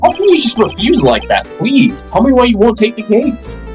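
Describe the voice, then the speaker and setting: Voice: medium pitch, wildly swooping pitch, moderate pace, soft background music, pitched above the performer's own voice. A player voicing an earnest young male defense attorney, reading game dialogue aloud in a pleading, insistent way.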